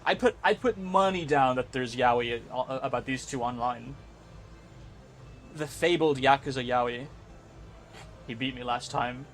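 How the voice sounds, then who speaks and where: A man's voice: medium pitch, unhurried, pauses often, fairly bright tone. A man streaming a video game live, chatting casually with his viewers, rambling, swearing freely and laughing often. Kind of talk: casual live-stream chat while gaming.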